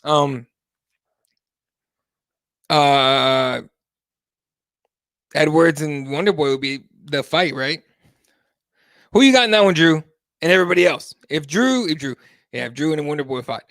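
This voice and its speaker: A man with a fairly high voice hosts a live MMA talk show. He talks in a loose, animated way and swears freely. His voice is close and dry, with no room sound around it. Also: unhurried, long pauses, no room sound. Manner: casual, animated, swears freely, reads chat aloud. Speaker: host.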